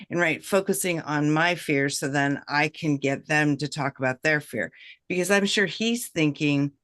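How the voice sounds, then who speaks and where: Measured woman negotiator on a video call. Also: sits low, a bit bright. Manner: measured and reflective, with frequent "right?" tags. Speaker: guest, professional negotiator. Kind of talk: casual chat, giving advice.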